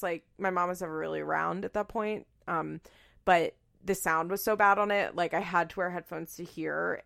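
Woman in her 30s doing a solo podcast, kinda low gravelly voice, rambly and chatty, jokes about herself a lot. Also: fairly bright tone. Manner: chatty, self-deprecating, rambling with many fillers. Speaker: podcast host. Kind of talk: casual solo podcast chat.

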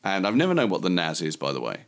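Man, podcast co-host, casual music chat, low voice, musing, hesitant. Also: wildly swooping pitch, fast talker.

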